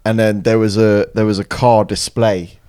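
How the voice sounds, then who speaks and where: A man's voice: fairly low pitch, moderate pace, clean tone. A young man on a podcast, chatting casually and acting out friends' lines as he tells stories. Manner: animated storyteller, acts out friends' lines. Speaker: podcast co-host. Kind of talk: casual chat.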